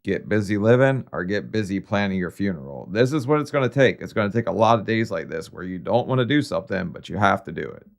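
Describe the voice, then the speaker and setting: Brief: male reaction host, low gravelly voice, blunt teasing asides. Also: lively intonation, quick pace, few pauses. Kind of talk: casual commentary.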